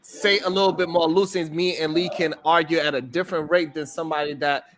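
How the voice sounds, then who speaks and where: A man's voice: on the high side, fairly even intonation, a little fast, crowd noise. A man with a New York accent, arguing his point in a casual live-stream debate and often cutting in with "hold on". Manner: argumentative, keeps repeating "hold on" to hold the floor.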